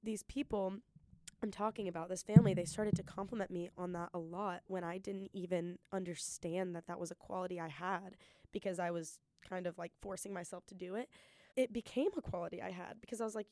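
Young woman, solo podcast host, earnest pep talk, warm mellow voice, dry recording. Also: medium pitch, steady tone, a little fast, dry recording.

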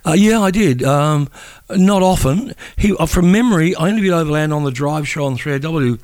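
A man's voice: fairly high pitch, expressive, fairly quick, a little mellow, no echo. An older man, a veteran journalist talking in casual chat and often repeating words as he thinks.

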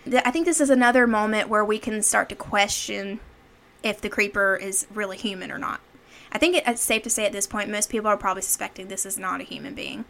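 Talking fast in a mid-range, gravelly, slightly bright voice with fairly even intonation, a woman co-hosts a podcast. She's recapping a horror movie scene by scene in a chatty, filler-heavy way, performing quoted lines as she goes.

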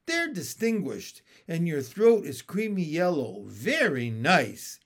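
Man playing a storybook female frog, bossy, teacherly, lively sing-song delivery, unhurried. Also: a little high, vocal fry, heavily acted. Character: patient chatty female pond frog. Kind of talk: storybook read-aloud.

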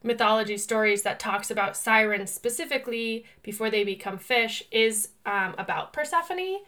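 A woman co-hosting a podcast in casual chat, telling stories in a rambling, animated way and often filling with "like.". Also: a little high, moderate pace. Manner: chatty and rambling, heavy use of "like"; animated storyteller who laughs through her telling. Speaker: podcast co-host.

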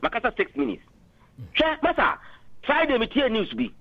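A man's voice: extremely high pitch, wildly swooping pitch, moderate pace, no echo. A man calling in to a political radio talk show, arguing passionately and switching into English phrases, heard over a dull phone line. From Ghana.

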